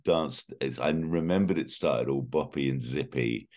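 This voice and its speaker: A man co-hosting a casual film podcast, his voice croaky, laughing often as he chats. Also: extremely low pitch, measured pace, a little mellow. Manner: laughs often, reads lyrics aloud playfully. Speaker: podcast co-host.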